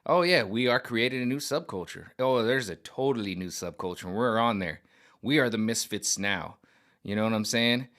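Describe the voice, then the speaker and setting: A man's voice: on the low side, lively intonation, moderate pace, a bit bright. A man vlogging in a casual, rambling monologue, talking in slang, repeating himself and restarting sentences.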